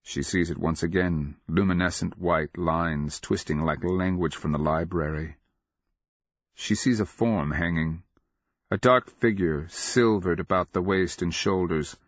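A man narrating a dark fantasy audiobook in a measured, deliberate, dramatic way. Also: low-pitched, breathy edge, dry recording. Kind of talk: scripted literary narration. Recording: slightly muffled dry recording.

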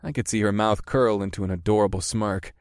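A man narrating a first-person fantasy audiobook in a steady, measured way. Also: fairly low pitch, no echo, studio quality.

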